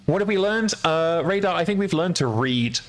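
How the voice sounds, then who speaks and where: A man's voice: a little high, animated, moderate pace, soft background music. A man streaming a video game, chatting casually, swearing freely and laughing at his own mistakes. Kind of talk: casual let's-play commentary.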